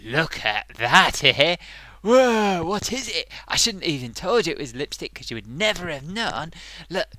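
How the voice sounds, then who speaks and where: A man voicing an excitable male sock puppet who hosts a comic makeup review, gushing and bumbling. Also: a little high, measured pace, dry recording, full character voice. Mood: excited. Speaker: host.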